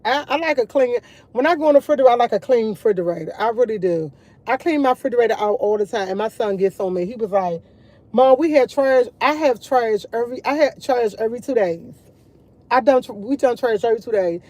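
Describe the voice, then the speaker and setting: A woman's voice: a little high, lively intonation, quick pace, a little mellow. A woman chatting casually to her viewers over morning coffee, rambling and repeating herself as she tells stories. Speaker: vlogger.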